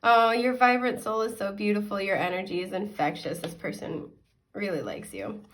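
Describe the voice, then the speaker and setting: A woman's voice: medium pitch, animated, normal speed, slight background noise. A woman giving a casual tarot reading to her viewers. She is chatty and giggly and fills her talk with frequent ums and likes. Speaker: tarot reader.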